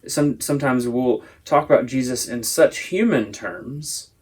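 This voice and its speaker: A man's voice: mid-range voice, measured pace, husky. A man teaching a Sunday school lesson, explaining at length in a casual, thoughtful way. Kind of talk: casual Bible discussion.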